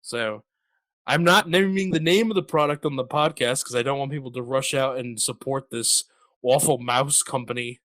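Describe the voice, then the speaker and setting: A man's voice: mid-range voice, normal speed, a bit bright, dry recording. Rambling, jokey male podcast host. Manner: rambling, jokey, lots of fillers. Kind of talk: casual chat.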